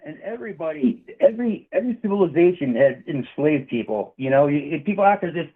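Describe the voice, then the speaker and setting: A man's voice: on the high side, animated, quick pace, breathy edge. Man, caller, provocative, rambling, fillers, tinny phone line. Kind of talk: call-in argument.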